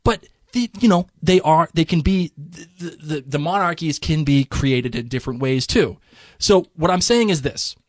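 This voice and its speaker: A man's voice: a little high, normal speed, no echo, studio quality. A man co-hosting a podcast, explaining history in a casual, chatty way. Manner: chatty, lively, slips into mock voices for laughs. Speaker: podcast co-host.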